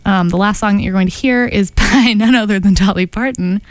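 A young woman signs off her college radio show in a loose, chatty way. Her voice sits in a middle pitch and she rambles easily, filling pauses with "um"s. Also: no echo. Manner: chatty, loose, many fillers. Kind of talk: casual radio sign-off chat. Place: radio studio.

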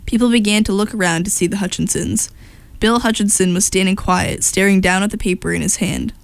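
A woman reads a short story aloud, steady and plain, stumbling now and then over a word. Her voice sits at a middle pitch in a dry, close recording. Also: brisk, creaky, dry recording. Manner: plain, steady reading with slips and restarts. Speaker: story reader.

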